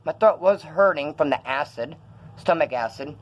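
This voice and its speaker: A man's voice: on the high side, lively intonation, moderate pace, muffled recording. A young man telling stories in a rambling, profane way while feeling ill, filming himself in a room. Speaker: vlogger. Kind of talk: casual rambling vlog.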